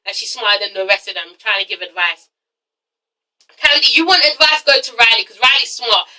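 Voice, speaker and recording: A woman's voice: on the high side, expressive, brisk, pushed and bright, recorded from a distance, low-quality recording. A woman reviewing a TV episode in a casual, gossipy rant, frank and swearing freely. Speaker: TV show reviewer.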